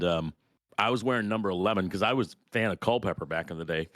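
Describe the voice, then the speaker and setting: A middle-aged man co-hosting a podcast, telling lively, profane stories in casual chat. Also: deep voice, no room sound, studio quality. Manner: storytelling, animated, swearing freely. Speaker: podcast co-host.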